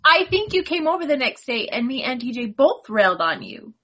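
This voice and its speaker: A woman with a bright, crisp tone and a slightly high voice, joining a casual chat. She chimes in with her own memories. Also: sing-song, brisk. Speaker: sister of the storyteller.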